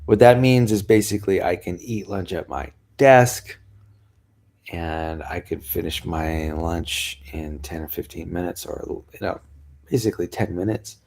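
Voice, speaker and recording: A man's voice: deep voice, unhurried, creaky, darkish tone. A man talking casually to his viewers in a chatty, rambling way, tired and yawning now and then. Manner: chatty, rambling, with frequent laughs and sighs. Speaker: vlogger. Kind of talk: casual chat to camera.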